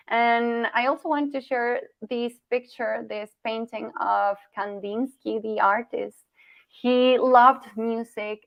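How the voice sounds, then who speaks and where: Brief: woman coach, bright higher voice, encouraging, muffled call audio. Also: no echo. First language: Spanish. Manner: encouraging, asks "right?" often, with restarts. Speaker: communication coach. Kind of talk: online workshop presentation.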